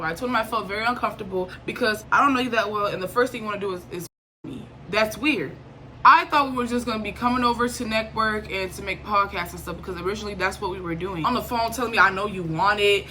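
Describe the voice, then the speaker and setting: A young woman from Liberia telling a storytime vlog in a casual, animated way, acting out quoted lines and swinging between irritation and laughter. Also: mid-range voice, slight background noise. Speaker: vlogger.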